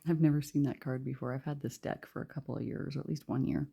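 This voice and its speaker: A woman giving a tarot reading in a soft, hushed voice that often drops to a whisper, rambling with many fillers. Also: a bass voice, fairly even intonation, fast talker, creaky, slightly rough. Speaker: tarot reader.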